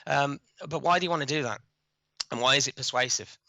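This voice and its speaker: A man being interviewed as a guest on a podcast, explaining his work in a quick, chatty way with many restarts. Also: medium pitch, vocal fry, pushed and bright, no echo, low-quality recording. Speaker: guest, cold outreach expert.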